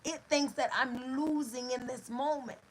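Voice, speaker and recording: Woman, motivational talk host, slow deliberate delivery, emphatic repeated phrases, slightly high voice. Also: steady tone, slight background noise, poor audio. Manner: emphatic and repetitive, building phrases in lists. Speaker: host of an inspirational show; birth coach for expectant mothers.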